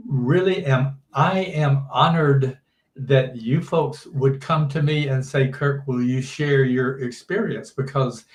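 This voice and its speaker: An older man, a teacher, giving measured interview answers and often restarting his sentences. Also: mid-range voice, roomy sound. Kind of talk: slow thoughtful interview answers.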